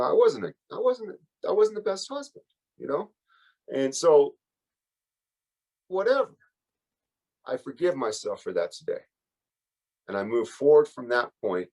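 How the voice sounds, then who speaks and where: A man's voice: medium pitch, sing-song, moderate pace, a little mellow, low-quality recording. A man giving a candid, emotional personal recovery share as a workshop speaker, rambling and full of fillers.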